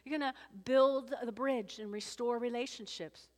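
A woman pastor preaching a sermon in a church, lively and animated, acting out voices from the story. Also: a little high, moderate pace. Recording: long reverb of a church hall.

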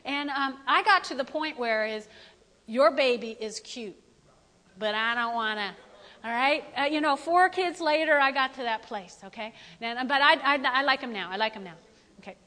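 Woman pastor, high bright voice, animated sermon delivery, long hall reverb. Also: moderate pace. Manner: animated, playful, talks directly to the congregation.

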